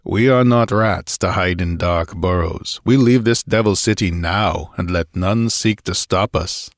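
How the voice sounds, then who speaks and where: A male narrator voicing a blunt, fearless barbarian warrior with a gruff, commanding delivery in an audiobook. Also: deep voice, measured pace, no room sound, clean studio sound. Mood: defiant. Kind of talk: audiobook character voice.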